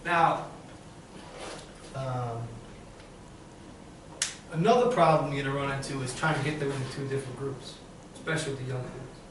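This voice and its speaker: A man leading a live teacher-training session in a classroom, energetic and demonstrative, often acting out his examples. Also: medium pitch, moderate pace, pauses often. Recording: very echoey room, far mic, faint noise.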